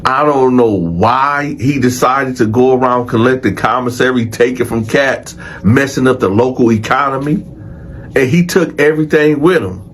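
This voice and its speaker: A man telling a prison story in a casual, animated and profane way, addressing his audience directly. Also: medium pitch, normal speed, slight background noise. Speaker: storyteller host.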